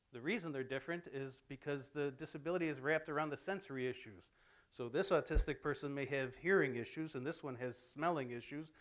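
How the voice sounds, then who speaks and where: A middle-aged man presenting to students in a college theatre, speaking plainly and conversationally with lots of personal anecdotes. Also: a little high. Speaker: presenter at a campus talk. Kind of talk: informal lecture to students. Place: college theatre, in front of an audience.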